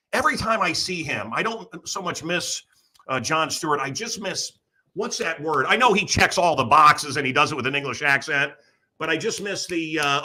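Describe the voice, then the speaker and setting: A man's voice: on the high side, sharp tone. A man hosting a talk show, delivering a sarcastic, ranting comedic monologue full of mocking asides. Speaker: radio show host.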